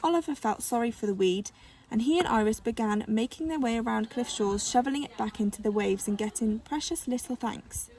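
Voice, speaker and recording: A woman reading a children's novel aloud with gentle, expressive storytelling. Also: a little high, brisk. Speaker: narrator.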